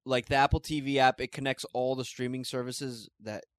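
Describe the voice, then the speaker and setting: A man in casual chat, calmly explaining a tech change to his co-host. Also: medium pitch, brisk, no echo, studio quality. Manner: relaxed listener, explains things plainly.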